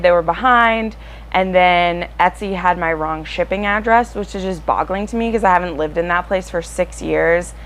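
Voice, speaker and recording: A woman book vlogger chatting casually to her viewers, excitable and full of fillers. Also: medium pitch, poor audio. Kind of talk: casual chat to camera.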